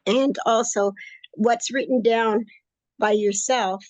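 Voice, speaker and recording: A woman's voice: fairly high pitch, fairly even intonation, slow, no echo, low-quality recording. A woman in her late sixties, talking in a chatty, upbeat, rambling way as a guest in an interview. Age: 60s. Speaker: course student interviewee. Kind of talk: casual interview conversation.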